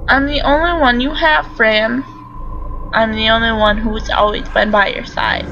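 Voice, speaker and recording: A woman's voice: fairly high pitch, steady tone, a little slow, noisy background. A woman voicing a sinister shadowy double in a menacing, coaxing way, reading it over game music. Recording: lo-fi audio with loud game music.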